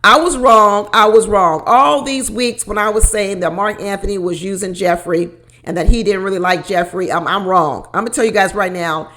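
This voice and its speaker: A woman hosting a casual reality show recap, animated and laughing often as she repeats her points. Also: medium pitch, fairly quick. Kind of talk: casual commentary.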